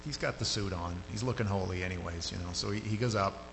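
A man's voice: deep voice, quick pace. Guy preaching, chatty sermon, echoey hall w/ faint hum behind. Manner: conversational, rises sharply when animated. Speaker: pastor.

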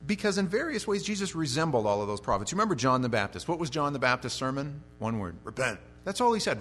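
A pastor, a man of ordinary pitch, preaches a sermon through a passage of scripture. His delivery swings between loud, emphatic lines and quiet, conversational asides, and a faint hum sits underneath. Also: big pitch swings, quick pace, hardly any pauses. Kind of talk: expository sermon.

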